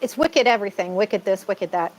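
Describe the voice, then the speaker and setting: A woman's voice: medium pitch, lively intonation, fairly quick, low-quality recording. A woman from Massachusetts co-hosting a casual live-stream chat, rambling and laughing often.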